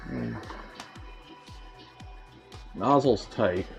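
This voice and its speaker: Gravelly-voiced man chatting through a build. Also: on the low side, very animated, drawn-out words, music in the background. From Canada. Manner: rambling, jokey, swears, talks to his machines. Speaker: maker livestream host. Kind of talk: casual livestream chat while building.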